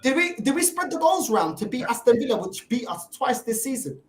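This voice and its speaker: A woman's voice: high-pitched, big pitch swings, a little fast. A woman, ranting as a panelist on a fan discussion show, exasperated and mocking. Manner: exasperated, mocking, repeats "bro". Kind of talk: heated fan rant. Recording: echoey room.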